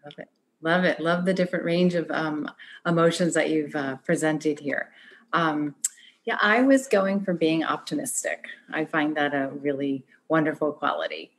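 A woman's voice: sits low, expressive, moderate pace. A woman leading an online arts workshop, giving encouraging instructions over a video call. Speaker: workshop facilitator.

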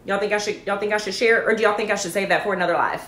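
A woman, chatting to livestream viewers and telling a story, with lots of animated asides. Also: mid-range voice, very fast. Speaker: network marketing livestream host. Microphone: phone or webcam livestream. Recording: echoey room.

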